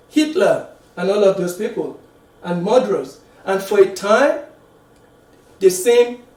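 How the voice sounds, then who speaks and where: Guy preaching a sermon, high voice, kinda far from the mic, echoey room. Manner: halting, repeats words, drops to quiet for emphasis.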